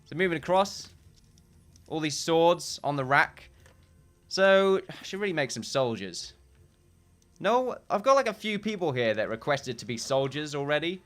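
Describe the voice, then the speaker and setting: A man's voice: fairly high pitch, sing-song, measured pace, faint music behind. A man giving casual gameplay commentary, rambling and correcting himself often, with short chuckles.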